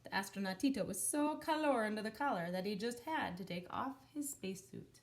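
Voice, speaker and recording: A woman teacher reading a picture book aloud to children, expressive, pausing to explain words. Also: medium pitch.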